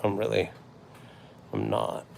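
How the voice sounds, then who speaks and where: A man hosting a casual livestream, rambling and hesitant with many fillers, often trailing off quietly. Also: fairly low pitch, sing-song, takes it slowly, gravelly, a little hiss or hum. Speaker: livestream host.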